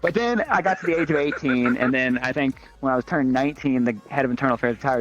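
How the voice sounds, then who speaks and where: A young man telling a story in casual chat, animated and swearing freely as he acts out the people in it. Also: mid-range voice, fast talker, few pauses, lo-fi sound, soft background music.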